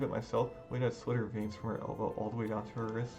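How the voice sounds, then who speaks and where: Guy with a gravelly voice reading a visual novel, all emotional, music in the back. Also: on the low side, flat delivery, fast, a little mellow, dull audio. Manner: dramatic, emotional first-person reading. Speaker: gaming video creator. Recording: music playing underneath.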